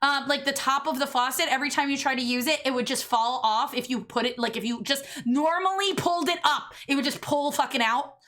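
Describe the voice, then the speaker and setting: Streamer, woman, high bright voice, animated casual storytelling. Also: a little fast, few pauses. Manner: animated storytelling, swearing and laughing. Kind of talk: casual chat.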